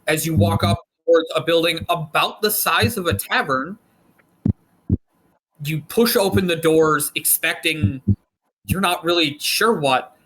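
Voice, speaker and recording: A man's voice: a little high, unhurried, fairly bright tone, slight background noise, low-quality recording. A man narrating a tabletop game as game master, in a loose, joking way with frequent laughs.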